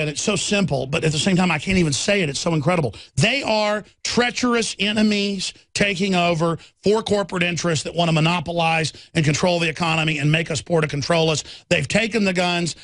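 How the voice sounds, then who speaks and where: A man's voice: high voice, fairly bright tone, no echo. A man hosting a political radio talk show, ranting in a fiery, combative way from a studio.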